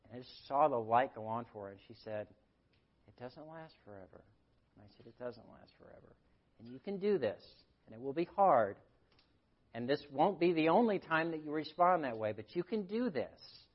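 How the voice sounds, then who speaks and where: A man's voice: on the high side, expressive, moderate pace, lo-fi sound. A man, a grief counselor, giving an earnest sermon and telling stories with quoted voices. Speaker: grief counselor speaking at church.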